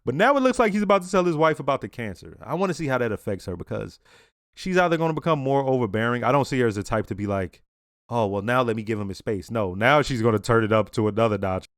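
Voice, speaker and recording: A man's voice: mid-range voice, animated, quick pace, no echo, clean studio sound. A man hosting a reaction video, giving casual commentary with blunt swearing and frequent laughs.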